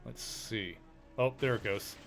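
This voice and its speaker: A man's voice: fairly low pitch, a little slow, creaky, fairly bright tone, soft background music. A male streamer giving casual commentary as he plays a video game, thinking aloud in a chatty, rambling way.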